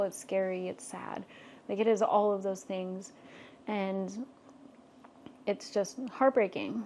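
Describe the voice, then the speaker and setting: Brief: young adult woman, podcast co-host, frank storyteller, mid-pitched voice, acts out quoted dialogue. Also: darkish tone, a little hiss or hum. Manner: frank, filler-heavy, acts out others' remarks in quotes. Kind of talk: candid conversational storytelling.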